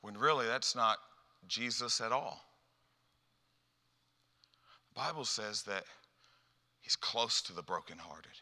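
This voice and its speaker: A man preaching a sermon to a youth gathering, animated and rhetorical, often repeating words as he builds up steam. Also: fairly low pitch, slow, pauses often, long reverb tail.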